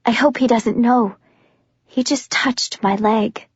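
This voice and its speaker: Higher-voiced woman reading an audiobook. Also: fairly even intonation, slow pace, breathy edge, no echo. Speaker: audiobook narrator. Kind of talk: first-person audiobook narration. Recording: slightly dull, dry recording.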